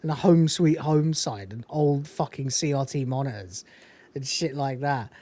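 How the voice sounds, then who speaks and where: A woman's voice: rumbling low, moderate pace, dark tone, dry recording. A woman, co-hosting a fan review show and chatting casually with many ums while recapping scenes. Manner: chatty, frequent ums and swearing, acts out the characters' quotes. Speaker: podcast co-host reviewing a TV episode.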